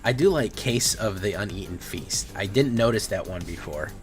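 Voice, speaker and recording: A man's voice: fairly low pitch, lively intonation, normal speed, faint music behind. A man streaming live, chatting casually with viewers, rambling and swearing freely.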